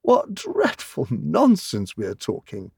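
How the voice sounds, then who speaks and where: A man voicing a polite young girl in a storybook reading, speaking cautiously and gravely. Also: high-pitched, sing-song, moderate pace, darkish tone, no room sound, studio quality, voice pushed up, heavily acted.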